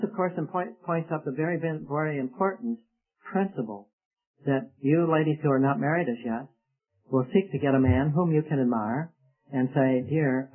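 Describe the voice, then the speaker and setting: Husky man preaching on an old tape. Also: fairly high pitch, phone-quality sound. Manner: earnest, explanatory, with rhetorical questions. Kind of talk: sermon.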